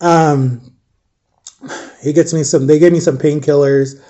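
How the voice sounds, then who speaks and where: A young man telling his own painful story, halting and repeating himself, close to tears at times. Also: on the high side, fairly even intonation, warm tone. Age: young adult. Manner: halting, repeats himself, acts out quoted voices. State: emotional, near tears. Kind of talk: personal storytelling.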